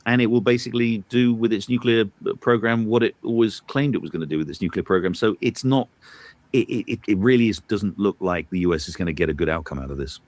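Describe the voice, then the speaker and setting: A man with a deep, low voice talks through politics on a talk show. He hesitates often, filling pauses with ums and restarting phrases, then leans in emphatically on his key points. The sound is dry and close. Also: no room sound. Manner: hesitant, many fillers and restarts, grows emphatic. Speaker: political commentator. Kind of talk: analytical commentary chat.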